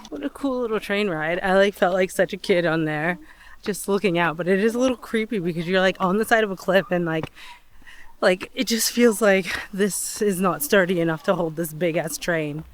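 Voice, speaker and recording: A woman's voice: lowish voice, moderate pace. Chatty woman vlogging outdoors. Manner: chatty, rambling, lots of "like". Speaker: travel vlogger. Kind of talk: casual vlog narration. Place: outdoors on a day trip, walking.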